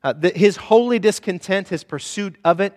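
A man preaching a sermon as a pastor, swinging between hushed asides and loud exhortation. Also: high voice, normal speed, in a large hall.

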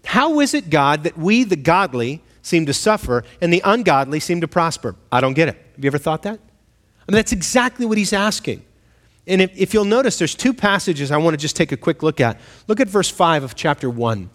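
In a large hall, a man with a fairly high, slightly bright voice delivers a sermon at normal pace, very animated. He preaches like he's talking with the congregation, asking them questions and acting out each quoted voice.

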